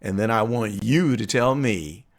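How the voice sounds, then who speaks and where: A man hosting his own political commentary vlog, talking earnestly and conversationally with frequent uh and um pauses. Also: on the low side. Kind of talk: opinion vlog monologue.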